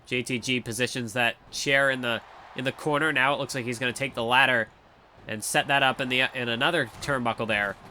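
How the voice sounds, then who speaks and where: A young man doing play-by-play commentary over a wrestling video game, excitable and rambling, often correcting himself mid-sentence. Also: mid-range voice, a little fast, a little hiss or hum.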